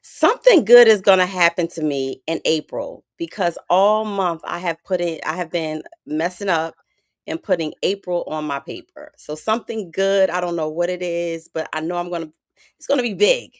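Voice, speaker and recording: A woman's voice: on the low side, moderate pace, dry recording, studio quality. A woman co-hosting a podcast in casual chat, mostly backing up the host with short affirmations. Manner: supportive listener, frequent affirmations.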